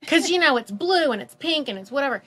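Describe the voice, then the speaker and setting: Woman, casual storytelling, animated, bright voice, slightly high pitch. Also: fast. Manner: animated, acts out quoted voices, many fillers. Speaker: guest telling her story.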